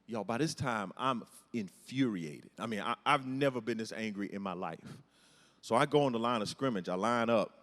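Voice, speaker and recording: A comedian telling a story on stage, animated and acting out the scenes and voices. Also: male voice, on the low side, moderate pace. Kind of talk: stand-up storytelling. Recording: echoey hall with long reverb.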